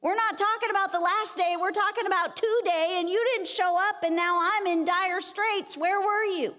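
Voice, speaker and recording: A hopping-mad, heartbroken sister snapping back, high and sarcastic, in a big echoey church, as a woman preacher puts her on. she rushes her complaints out in a hurry. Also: fairly even intonation, pushed and bright. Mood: exasperated. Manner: indignant, sarcastic, hurried. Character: angry grieving woman confronting a late friend.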